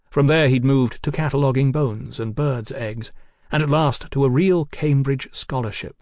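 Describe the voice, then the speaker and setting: A man's voice: medium pitch, no room sound. Man narrating in a dry, close voice. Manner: steady, even storytelling. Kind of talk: audiobook narration.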